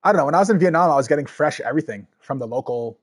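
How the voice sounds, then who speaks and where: A man's voice: on the high side, expressive, rapid-fire, husky. A man giving rambling, casual commentary while playing a video game and chatting with viewers. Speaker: let's play streamer.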